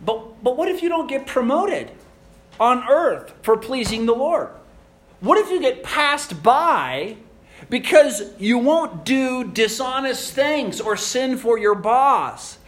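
A man with a notably high voice delivers an earnest sermon. He presses his points with emphatic repetition and pointed rhetorical questions to the congregation. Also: animated, takes it slowly, fairly bright tone. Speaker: preacher.

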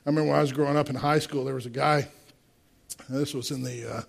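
A man's voice: medium pitch, steady tone, quick pace, vocal fry. A man in his sixties preaching a sermon, emphatic, with rhetorical questions and direct asides to the congregation. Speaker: pastor.

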